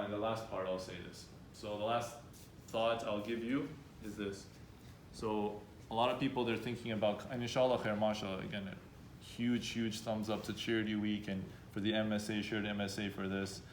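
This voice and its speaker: Animated male speaking coach in echoey room. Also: mid-range voice, slight background noise. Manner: direct, animated, acts out hesitant speakers. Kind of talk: live workshop talk to students. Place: event room with students. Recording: echoey room with faint background ambience.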